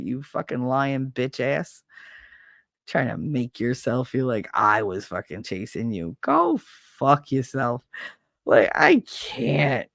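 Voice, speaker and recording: Blunt, gravelly-voiced woman telling stories. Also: rumbling low, no room sound, studio quality. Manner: blunt and profane, acts out quoted people. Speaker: podcast host. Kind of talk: casual storytelling chat.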